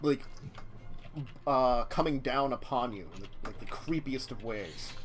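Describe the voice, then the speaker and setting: A man's voice: mid-range voice, a little slow. A man running a tabletop game as game master, narrating loosely and filling his talk with "like". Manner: rambling, many "like" fillers.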